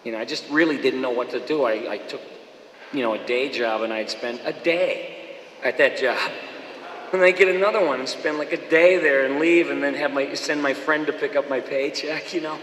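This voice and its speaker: A man from Boston, a voice actor telling stories at a fan Q&A, animated and dropping into quick impressions. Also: mid-range voice. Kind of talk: casual anecdotal chat. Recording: echoey hall with long reverb.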